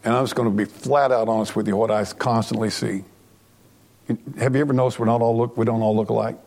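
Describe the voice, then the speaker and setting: A man's voice: mid-range voice, steady tone, fast, creaky, a little mellow. A middle-aged man preaching a sermon as pastor, earnest and plainspoken, often restarting his sentences.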